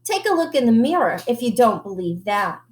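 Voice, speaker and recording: A woman's voice: a little high, big pitch swings, fairly quick, roomy sound. Storybook role: woman playing a dramatic, emphatic mama cat. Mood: coaxing. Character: firm, dramatic mother cat.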